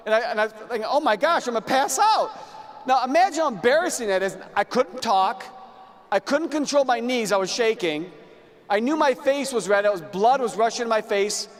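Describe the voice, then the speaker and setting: A man giving a motivational business talk to a room, telling a personal story and repeating words as he goes. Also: extremely high pitch. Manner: storytelling, repeats words, acts out his own past lines. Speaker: business speaker. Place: large room with live audience. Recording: long hall reverb.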